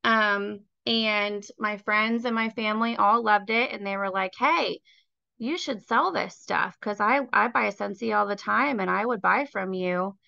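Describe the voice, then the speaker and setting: A woman's voice: mid-range voice, steady tone, normal speed, creaky, hardly any pauses, bright, forceful tone, clean tone, dry recording, muffled recording. A woman in her thirties sharing her personal story as a guest on a call, candid and heartfelt, with plenty of fillers. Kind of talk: personal testimony.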